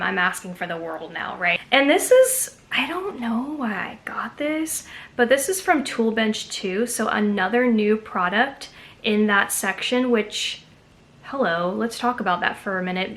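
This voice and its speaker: A woman's voice: mid-range voice, pushed and bright. A woman from Texas chatting casually to camera as a haul vlogger, gushing enthusiastically over each find.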